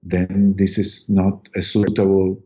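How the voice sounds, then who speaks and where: A middle-aged man, a podcast guest, telling a personal story in casual talk, halting and repeating words with many ums. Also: deep voice, completely flat delivery, mellow, lo-fi sound.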